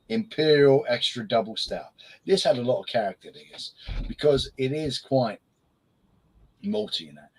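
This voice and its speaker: A man's voice: mid-range voice, slight background noise, poor audio. A man co-hosting a casual beer review chat, rambling with lots of fillers and restarts.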